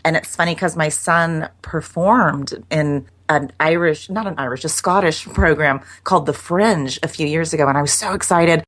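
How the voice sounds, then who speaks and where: A middle-aged woman from the United States, with a low, slightly bright voice, is a guest in a casual interview. She laughs often and keeps restarting her sentences.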